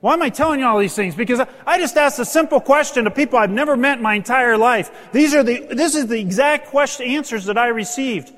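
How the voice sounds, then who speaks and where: A man's voice: fast talker, few pauses, a bit bright. A man telling heartfelt stories to an audience in an earnest, emotional manner, as a motivational speaker. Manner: earnest, emotional, rises in pitch when stirred. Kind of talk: storytelling speech to an audience. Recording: long hall reverb.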